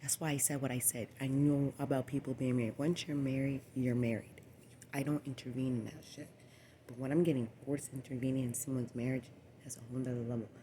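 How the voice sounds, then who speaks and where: A woman in her late twenties telling a rambling personal story to the camera, cursing often and swinging between a low murmur and loud exclamations. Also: fairly even intonation, fairly quick, slight background noise. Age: 20s. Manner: profane, repetitive, meandering storytelling. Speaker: vlogger.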